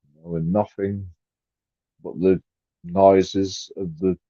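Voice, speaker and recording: A man with a low voice rambles through a live stream, cursing freely and lurching from mutters to sudden loud bursts. The recording is dry and dull, a muffled lo-fi capture with no room sound. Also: flat delivery, slow, no room sound. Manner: rambling, profane, jumps between mumbled asides and loud outbursts.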